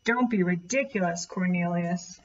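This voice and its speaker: A woman's voice: fairly low pitch, normal speed, darkish tone, muffled recording, a little hiss or hum, close to an everyday voice. A woman voicing a vain, haughty female butterfly with a snooty, scornful manner.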